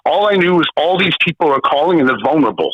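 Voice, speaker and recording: A man's voice: a little high, quick pace, breathy edge, no echo. A man of about fifty from Canada, telling a story in a casual interview, swearing freely and acting out the people in it. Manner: swearing, animated, acts out the people in his story. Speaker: guest. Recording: dull lo-fi sound.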